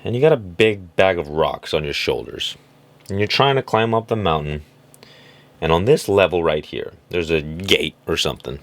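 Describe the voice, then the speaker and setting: A man speaks in a reflective, motivational way, often breaking into acted-out voices. His voice sits on the low side and the recording is dry and close. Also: lively intonation, moderate pace, no room sound. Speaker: self-help speaker. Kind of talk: motivational monologue.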